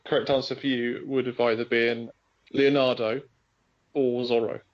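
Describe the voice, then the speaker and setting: A man's voice: medium pitch, flat delivery, moderate pace, dull audio. A man co-hosting a casual podcast chat, rambling through anecdotes with frequent restarts. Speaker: podcast co-host.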